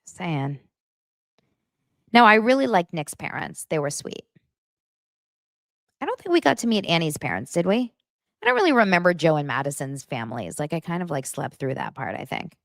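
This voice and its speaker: Blunt, lively-voiced woman chatting. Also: low voice, moderate pace, vocal fry, long pauses, dry recording, clean studio sound. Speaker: podcast host. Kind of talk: casual gossip chat.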